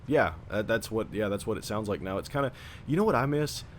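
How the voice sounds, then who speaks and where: A man's voice: fairly low pitch, lively intonation, slight background noise. A man streaming a game and chatting casually with friends, rambling and swearing as he talks. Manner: rambling, profane, drawn-out talk. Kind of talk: casual chat while gaming.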